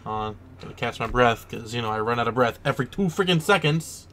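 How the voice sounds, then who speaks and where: A man riffs through a horror game in casual commentary, excitable and quick to swear. His voice sits in an ordinary middle pitch. Clear background noise runs under the recording. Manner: excitable, swears, breaks into loud panicked outbursts. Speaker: let's play host.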